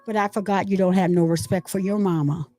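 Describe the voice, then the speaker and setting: A woman's voice: fairly low pitch, steady tone, brisk, mellow. A woman hosting a casual commentary channel, talking animatedly and with indignation, acting out the voices of crowds as she retells events.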